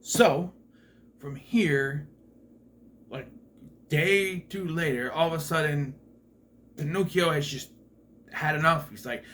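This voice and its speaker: A man's voice: a little high, takes it slowly, pauses often, a bit bright. A man giving a casual movie review in a sarcastic, profane, exasperated way.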